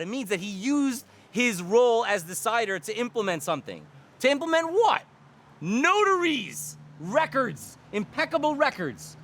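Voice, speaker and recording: A man giving a lively Torah lecture, firing rhetorical questions and repeating key lines for emphasis. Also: sits high, slight background noise. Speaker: Torah teacher.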